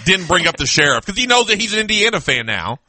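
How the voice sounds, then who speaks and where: A man in his thirties holds forth on a sports radio show, loud and animated with bursts of laughter. His voice sits high and very bright, and it swings widely in pitch. The studio sound is dry and close, right on the mic. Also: fast, no room sound. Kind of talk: sports talk radio banter.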